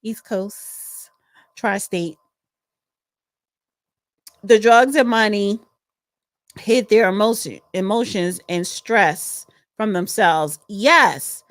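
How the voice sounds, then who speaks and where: A woman's voice: medium pitch, extremely slow, pauses often, no room sound, studio quality. A woman, co-hosting a casual livestream from home, chatty and frank, reading the chat and calling listeners honey. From East Orange, New Jersey. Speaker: podcast co-host reading live chat.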